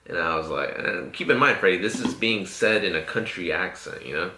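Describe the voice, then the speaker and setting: A man's voice: deep voice, normal speed, bright, forceful tone, roomy sound. A man hosting a podcast, telling stories in a laid-back, profane way with lots of fillers. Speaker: podcast host. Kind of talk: casual podcast chat.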